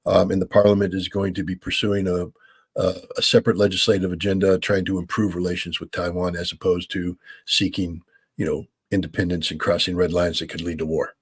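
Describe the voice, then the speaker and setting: American man, 60s, husky voice, lowish pitch, measured explanations with ums, dry close sound. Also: flat delivery, dry recording. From United States. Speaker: guest, former weapons inspector. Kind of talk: call-in interview answers.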